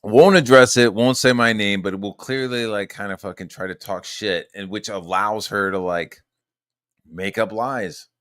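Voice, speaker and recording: Low-voiced man ranting in fillers. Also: fairly even intonation, moderate pace, fairly bright tone, no echo, studio quality. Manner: profane, rambling, heated, full of fillers. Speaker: podcast host. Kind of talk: casual storytelling rant.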